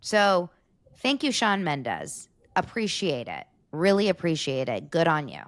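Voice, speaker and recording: A woman co-hosting a podcast in casual chat, animated and mimicking crowd screams as she tells stories. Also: lowish voice, a little slow, no room sound, clean studio sound. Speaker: podcast co-host.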